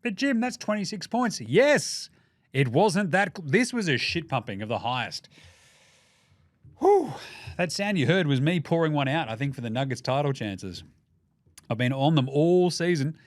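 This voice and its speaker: A man's voice: fairly high pitch, moderate pace, dry recording, clean studio sound. A man with an Australian accent hosting a casual sports commentary show, jokey and full of swearing. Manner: profane, jokey, animated. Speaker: podcast host.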